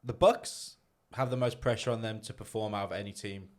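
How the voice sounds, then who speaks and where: Low-voiced Australian man hosting sports chat. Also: fairly even intonation, a little fast. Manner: laid-back, steers the talk between topics. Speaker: podcast co-host.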